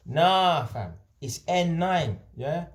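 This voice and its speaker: A man's voice: on the high side, very slow, reverberant. Slangy London man telling stories. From North London. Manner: slangy, animated, acts out voices in quotes. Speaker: vlogger. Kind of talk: casual storytelling to camera.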